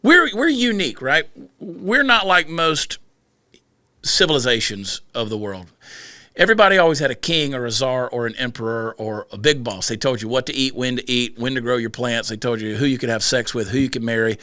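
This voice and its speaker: A middle-aged Southern man with a bright, forceful voice talks in a fast, animated storytelling rush. His voice is close to the mic, with no room echo. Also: medium pitch. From rural Georgia. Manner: rapid-fire, animated storytelling. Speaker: podcast guest, comedian. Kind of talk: casual podcast conversation.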